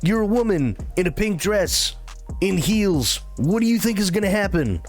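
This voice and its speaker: A man's voice: high voice, big pitch swings, moderate pace, soft background music. A man voicing a blunt young male fighter who is sarcastic and dismissive and swears freely.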